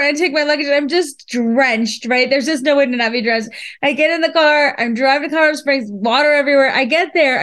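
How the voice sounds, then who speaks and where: High-voiced woman telling a story. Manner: emotional, laughing, animated retelling. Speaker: guest speaker. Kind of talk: casual storytelling.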